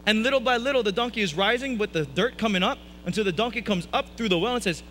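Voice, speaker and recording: A man's voice: high voice, fast, fairly bright tone, a little hiss or hum, low-quality recording. A man preaching a sermon at a church service, telling stories in a playful, self-mocking way with jokey asides. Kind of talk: humorous sermon storytelling.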